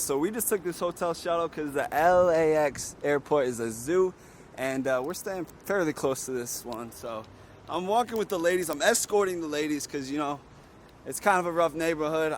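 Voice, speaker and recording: A man's voice: fairly high pitch, moderate pace, slight background noise. A man in casual vlog chat, upbeat and joking with slangy talk, filming himself on a handheld camera. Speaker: flight attendant vlogger. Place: airports, planes and streets, indoors and outdoors. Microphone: handheld camera mic.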